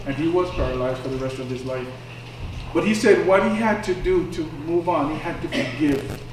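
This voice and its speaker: In a church sanctuary, a man with a slightly high voice preaches at a normal speed, telling stories conversationally that rise to impassioned moments. It's recorded from far off in the echoey room, with slight background noise.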